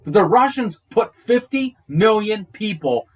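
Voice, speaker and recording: A man co-hosting a casual podcast in a slightly high voice. He talks emphatically, agrees readily and stacks up examples to make a point. His voice sounds some distance from the microphone. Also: animated, measured pace. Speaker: podcast co-host. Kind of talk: casual chat.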